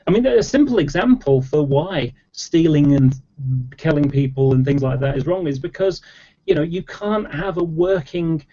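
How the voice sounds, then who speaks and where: A man's fairly high, dark-toned voice moves at normal speed with lively intonation as he debates in an online chat. His casual explanation runs long and rambles, thick with fillers and restarts, on dull, lo-fi audio.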